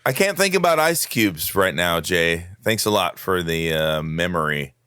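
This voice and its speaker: A man co-hosting a casual comedy podcast, talking slowly and hesitantly with many fillers. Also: low voice, lively intonation, pushed and bright, clear, resonant tone, no echo, studio quality. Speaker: podcast co-host.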